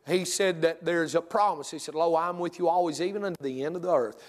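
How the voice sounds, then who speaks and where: A man's voice: a little high, fairly quick, long reverb tail. A man preaching a sermon, telling a folksy story with stammering restarts and rising to fervent preaching. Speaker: pastor.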